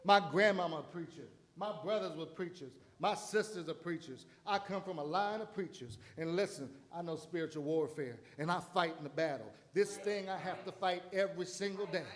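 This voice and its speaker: A man's voice: sits high, moderate pace, hardly any pauses. A man ministering in church, preaching a sermon with dramatic build-ups and acted-out voices. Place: church sanctuary.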